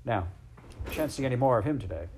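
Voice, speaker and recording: Man reading a cheery, brisk male water rat from a storybook, hearty and welcoming. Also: mid-range voice, animated, creaky, darkish tone, a little hiss or hum. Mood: exasperated.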